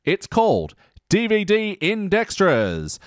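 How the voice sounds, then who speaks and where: A man hosting a casual comedy podcast, giggly and halting with fillers. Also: sits high, wildly swooping pitch, no room sound, studio quality. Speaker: podcast host.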